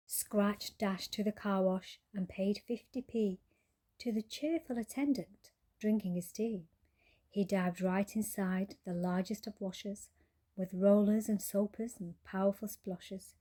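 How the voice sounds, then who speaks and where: A woman reads a rhyming children's bedtime story aloud, keeping a gentle, rhythmic lilt. Her voice is soft and mellow, at an ordinary pitch. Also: steady tone, unhurried.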